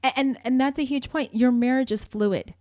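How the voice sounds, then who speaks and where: A woman's voice: high voice, normal speed, a little mellow, no echo, clean studio sound. A woman co-hosting a marriage podcast in casual, earnest talk, laughing easily and reading sponsor plugs. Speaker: podcast co-host.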